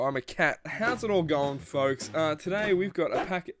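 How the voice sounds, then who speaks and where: Aussie guy doing a goofy excited unboxing, bit of a higher voice, soft music underneath. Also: normal speed, few pauses. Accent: Australian. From Australia. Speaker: toy collector reviewer. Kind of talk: casual unboxing chat.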